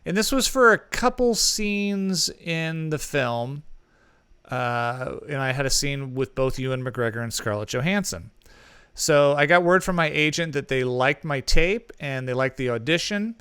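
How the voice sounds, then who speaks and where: A man's voice: on the high side, animated, unhurried, fairly bright tone, clean tone, dry recording. A man co-hosting a podcast, telling a long rambling anecdote in casual chat. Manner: rambling anecdote with many fillers and restarts. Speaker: podcast co-host.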